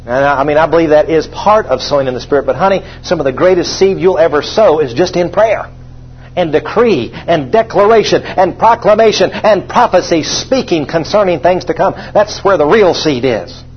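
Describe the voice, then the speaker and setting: A man preaching a sermon, emphatic and repetitive, rising to loud proclamations when he reads scripture. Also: on the high side, lively intonation, fairly quick, hardly any pauses, husky. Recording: dull lo-fi sound.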